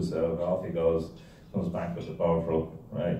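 A deep-voiced man rambles through jokes and anecdotes for a club audience. His voice is dark and sits low, picked up from far off in a very echoey meeting room with a faint background hum. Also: completely flat delivery, unhurried, muffled recording. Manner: rambling, joke-telling, self-interrupting. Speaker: guest speaker. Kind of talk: humorous talk to a club. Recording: echoey room, distant mic.

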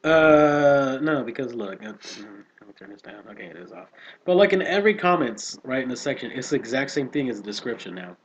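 A man's voice: medium pitch, animated, brisk, slight background noise. A man co-hosting a let's play, trading crude, jokey banter in casual gaming chat. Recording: slightly dull lo-fi audio.

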